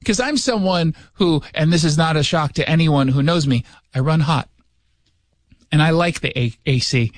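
At a moderate pace and with no room sound, a middle-aged man with a slightly high voice hosts a radio talk show in a studio. He riffs on politics casually and sarcastically, joking and interrupting himself.

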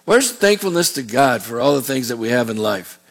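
A man's voice: medium pitch, big pitch swings, brisk. A middle-aged man preaching a sermon as a pastor, in a conversational way with rambling asides.

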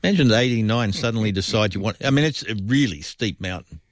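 A man's voice: lowish voice, expressive, fast talker, no room sound, studio quality. A man co-hosting a radio show, chatty and playful, reading out trivia. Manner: chatty, playful, slips into silly voices. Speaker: radio co-host. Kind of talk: casual radio chat.

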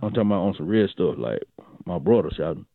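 A man's voice: sits low, animated, fast, gravelly, no room sound. A man doing a comic radio bit, drawling and preachy, calling his listener "boy" and "shawty". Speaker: radio show comedian telling a bit. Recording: tinny phone-like dry sound.

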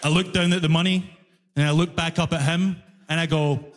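A man's voice: a little high, steady tone, a little fast. A man with a Glaswegian Scottish accent doing stand-up, telling an exasperated story on a live music hall stage. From Glasgow, Scotland. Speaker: stand-up comedian.

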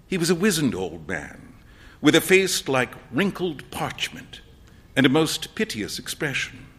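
A man reading a story aloud as narrator, expressive and acting out the dialogue. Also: fairly high pitch, unhurried, husky.

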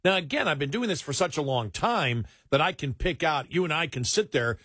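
A middle-aged man, a talk host, speaking bluntly and emphatically in casual political chat, often halting on fillers. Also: a little high, lively intonation, a bit bright, husky, dry recording, clean studio sound.

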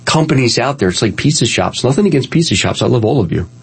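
A middle-aged man hosting a radio show about pest control, telling lively anecdotes in casual chat from a studio and laughing at his own stories. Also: mid-range voice, fast, vocal fry, husky.

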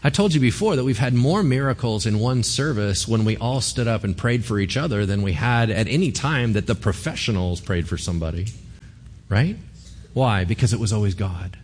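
A man's voice: lowish voice, lively intonation, normal speed, a little mellow, a little hiss or hum. A man, a pastor, giving a sermon in a conversational, joking way, often asking the congregation questions.

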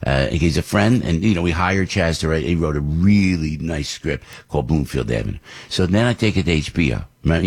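A middle-aged man, talking as a radio host in a rambling monologue full of fillers, restarts and excited asides. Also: rumbling low, vocal fry, husky.

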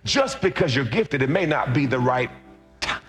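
A man's voice: medium pitch, very animated, normal speed. A man preaching a sermon, telling a humorous personal testimony and calling out to the congregation. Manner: humorous storytelling, calls out to the congregation. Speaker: pastor. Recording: roomy church sound with loud music. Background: loud instrumental music.

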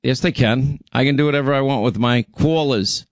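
New York talk radio host, dry studio. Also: male voice, mid-range voice, no room sound. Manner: brash, teasing, fast-talking. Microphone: studio mic.

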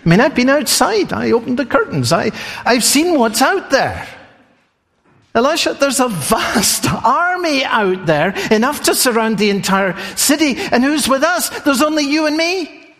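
A man's voice: mid-range voice, wildly swooping pitch, a little slow, long pauses, fairly bright tone, voice pushed down. A man voicing a frightened young male servant who exclaims in alarm, in a sermon. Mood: panicked. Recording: long hall reverb.

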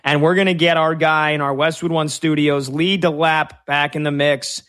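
A man hosting sports talk radio, chatty and joking, quick to slip into impressions. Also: fairly high pitch, steady tone, fairly bright tone, smooth.

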